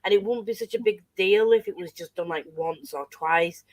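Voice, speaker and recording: An animated woman chatting about books in a livestream, swearing and laughing as she goes. Her voice sits at a mid pitch. The sound is close and dry, with no room echo. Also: moderate pace. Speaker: guest book reviewer. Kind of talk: casual book club chat.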